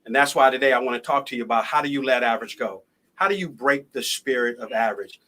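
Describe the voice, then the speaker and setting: Bright-voiced man telling his story. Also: medium pitch, fast. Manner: storytelling, conversational, lively. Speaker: motivational speaker. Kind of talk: live-streamed personal story talk.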